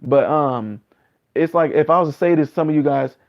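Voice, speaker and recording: A man's voice: moderate pace, gravelly, highs cut off. A man in his late thirties talking casually on a live stream, reading out viewer comments and earnestly repeating his points. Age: 30s. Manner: earnest, repetitive, acts out other people's replies in a higher voice.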